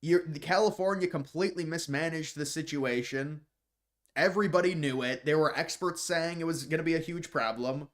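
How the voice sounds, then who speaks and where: A man reads viewer questions on his live stream and chats through answers in a slightly high voice at an ordinary pace. He tends to ramble, repeats words when beginning sentences, and drops scornful, mocking comments.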